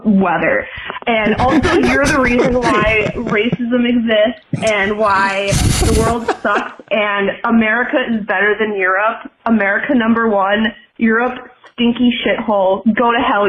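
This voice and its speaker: Female comic rant, higher-pitched, sarcastic and crude. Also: a bit bright, rough recording. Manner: sarcastic, profane ranting. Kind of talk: comedic rant.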